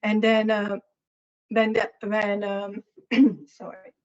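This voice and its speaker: A Hungarian-accented woman speaks at a middle pitch, telling a lecture audience about her own work in a frank, hesitant way as she hunts for the right words. Her voice is a little hoarse. The recording sounds somewhat dull and muffled. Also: completely flat delivery, a little mellow. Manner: halting, searching for words, candid. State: slightly hoarse, clearing throat. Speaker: guest artist lecturer.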